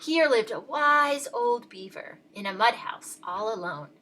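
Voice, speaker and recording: A woman reads a children's picture book aloud in an expressive storytelling style. Her voice is bright and slightly high. Her pitch rises and falls in wide, lively swings. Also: measured pace, a little hiss or hum.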